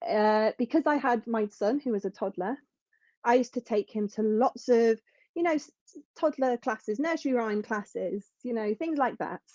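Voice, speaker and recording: A woman's voice: on the high side, normal speed, a little mellow, dry recording, lo-fi sound. A woman speaking as a podcast guest in an earnest, reflective way, often restarting her sentences. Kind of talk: conversational interview.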